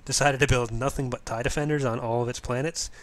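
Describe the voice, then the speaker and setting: A man hosting a casual game chat, telling stories in a relaxed, chatty way. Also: medium pitch, quick pace. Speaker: host streaming a game.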